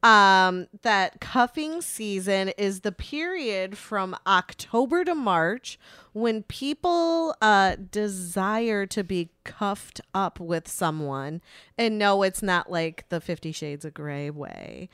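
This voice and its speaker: A woman's voice: medium pitch, expressive, takes it slowly, fairly bright tone, smooth, no room sound. A woman co-hosting a radio show, chatting casually in a rambling, laughing way, a little stuffy in the nose. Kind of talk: casual chat.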